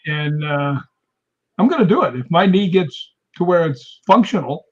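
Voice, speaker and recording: A middle-aged man with a somewhat high, husky voice hosts a relaxed conversation over a video call. He tells stories with a chatty, laughing manner, and the streamed audio sounds a bit muffled. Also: moderate pace. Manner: chatty storyteller, laughs often. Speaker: guest host. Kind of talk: casual chat.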